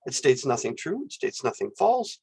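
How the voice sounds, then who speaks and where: A man's voice: medium pitch, sing-song, normal speed, vocal fry, darkish tone, breathy edge. A man lecturing on philosophy, explaining ideas step by step and acting out example phrases with exclamations. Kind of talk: recorded university lecture.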